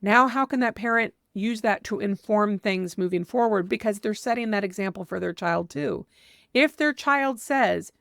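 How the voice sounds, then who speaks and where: A woman's voice: mid-range voice, moderate pace, creaky, a bit bright, dry recording, studio quality. A woman parenting coach giving earnest, direct advice, sometimes acting out what a parent might say with emphasis. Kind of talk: advice monologue.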